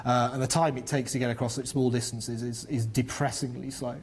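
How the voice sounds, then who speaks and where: A man's voice: mid-range voice, flat delivery, brisk, breathy edge. A middle-aged man from northern England, speaking at a panel discussion, fluent but full of ums and restarts. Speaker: panel speaker on business and infrastructure. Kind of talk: explaining at a public discussion.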